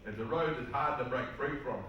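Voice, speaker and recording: A man's voice: medium pitch, a little fast, highs cut off, slight background noise. Earnest Australian man in an echoey hall. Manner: earnest, plain-spoken storytelling with slang. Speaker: seminar speaker. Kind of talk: personal testimony talk. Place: large hall. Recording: echoey hall, mic far off.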